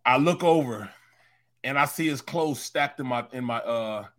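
A middle-aged man co-hosting a sports talk show, telling a story with animated, joking exasperation. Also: mid-range voice, moderate pace. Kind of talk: casual sports talk banter.

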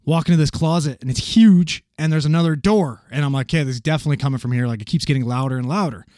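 A man casually telling a paramedic story, animated and swearing freely as he acts out the voices of the people in it. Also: a little high, very fast, no room sound, studio quality.

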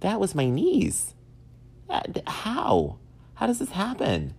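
A man in his thirties hosting a casual solo podcast, telling stories in an animated, self-mocking way. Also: high voice, takes it slowly, vocal fry, breathy edge. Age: 30s. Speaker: podcast host.

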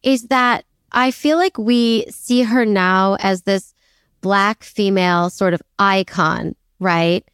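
A woman's voice: mid-range voice, slow, a bit bright, clear, resonant tone, no room sound, studio quality. A woman co-hosting a casual history podcast, chatty and self-deprecating, laughing often as she tells the story. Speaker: podcast co-host.

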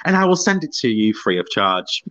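A man's voice: fairly low pitch, a bit bright. A man hosts a podcast and teases his guest in a playful, casual tone. His voice rises and falls a lot. The audio is dull and lo-fi. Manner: playful, teasing. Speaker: podcast host. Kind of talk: casual interview chat.

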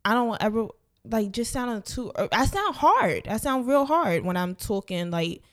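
A woman's voice: on the high side, lively intonation, normal speed. A young woman from New Jersey with a Jersey accent, talking casually and profanely with lots of filler words. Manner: chatty, profane, with many fillers. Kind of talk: casual conversation.

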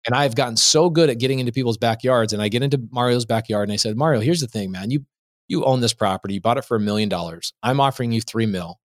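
A man on a podcast as the guest, telling a business story in an emphatic, quick way and acting out what people said. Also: medium pitch, no echo, studio quality. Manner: emphatic, fast, acts out quotes. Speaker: podcast guest, real estate investor. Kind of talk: animated interview storytelling.

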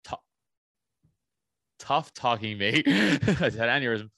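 A young man telling a story in casual chat, profane and animated, acting out the voices of the people in it. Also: medium pitch, slow, gravelly, dry recording, clean studio sound. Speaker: podcast guest.

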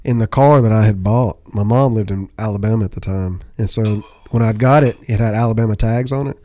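A man's voice: fairly low pitch, a little fast, warm tone. A man from Texas, a former serviceman, telling an easygoing story in a casual chat. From Texas, USA.

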